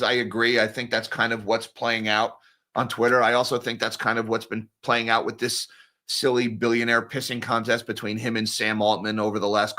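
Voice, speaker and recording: A man's voice: medium pitch, bright, forceful tone. Blunt, sarcastic male livestream host. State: sore throat. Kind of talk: casual livestream commentary.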